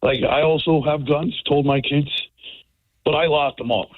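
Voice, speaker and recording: A man calls in to a radio show on a dry, tinny phone line, his voice sitting a little high. He talks casually and rambles from point to point. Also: fairly even intonation, moderate pace, dry recording. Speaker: caller. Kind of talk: call-in radio talk.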